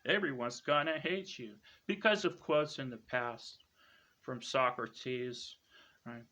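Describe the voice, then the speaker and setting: A man's voice: medium pitch, slow, sharp tone. A man ranting to his viewers in a smug, scornful lecturing tone, ending claims with "right?". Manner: lecturing, repeats "right?" after each claim. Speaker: online commentator.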